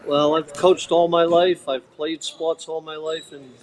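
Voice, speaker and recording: A man's voice: on the high side, little pitch movement, measured pace, a little mellow. A man with a Rhode Island accent, a mayor answering plainly in an interview.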